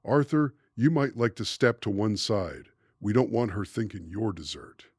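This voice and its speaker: A man voicing gloating villain Croaky. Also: fairly low pitch, normal speed, no room sound, clean studio sound. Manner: mocking, sing-song cackling. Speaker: audiobook narrator.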